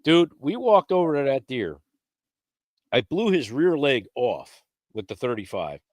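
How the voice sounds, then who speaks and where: A man's voice: measured pace, dry recording. Man telling a story in a dry room. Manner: lively storyteller, jumps pitch when acting out quotes. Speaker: podcast guest. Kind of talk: casual hunting story.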